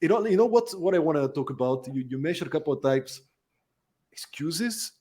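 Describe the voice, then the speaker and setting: An enthusiastic man hosting a podcast, laughing easily and often repeating words as he starts sentences. His voice sits slightly high. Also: expressive, fast, mellow. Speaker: podcast host. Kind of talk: casual interview chat.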